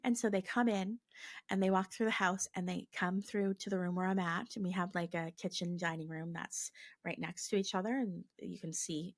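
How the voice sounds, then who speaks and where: A woman in her forties talking casually on her own podcast, with a gravelly, creaky texture in her voice. She tells a personal story in a loose, chatty way, packed with "like" fillers. The sound is dry and close, with no room echo. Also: on the low side. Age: 40s. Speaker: podcast host.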